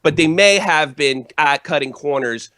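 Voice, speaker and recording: A man's voice: on the high side, normal speed, bright, forceful tone, smooth, no echo, clean studio sound. A hungover man talking hockey as a guest, rambling and swearing, with many fillers and restarts. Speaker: hockey channel host, guest. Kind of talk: casual chat. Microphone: Skype call.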